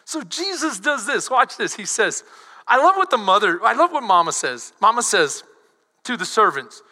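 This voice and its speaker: A middle-aged man, a pastor, preaching an animated sermon that swings between loud emphasis and soft asides. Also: sits high, normal speed, big-room sound. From Texas.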